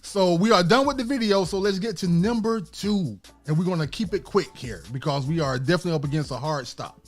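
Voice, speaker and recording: A man's voice: sits high, a little fast, soft background music. A man hosting a casual podcast chat, laughing often and stumbling through his points. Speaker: podcast host.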